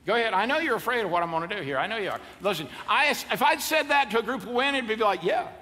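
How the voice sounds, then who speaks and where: Man, 50s, pastor, high voice, sermon in a reverberant church hall. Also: animated, racing, sharp tone. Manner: playful, jokes with the congregation, leads them in call-and-response. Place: large church auditorium. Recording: hall reverb, faint ambience.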